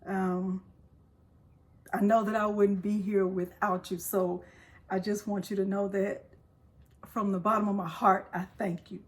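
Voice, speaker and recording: An excited woman chats casually to her viewers. She sounds emotional and grateful, her voice lifting with excitement. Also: medium pitch, measured pace, pauses often. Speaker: craft channel host. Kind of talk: casual vlog chat.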